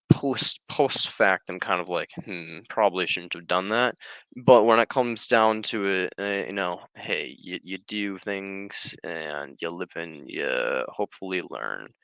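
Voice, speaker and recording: A man's voice: low-pitched, creaky, bright, forceful tone, no room sound, low-quality recording. A young man talking in a rambling, offhand and profane casual monologue. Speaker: streamer.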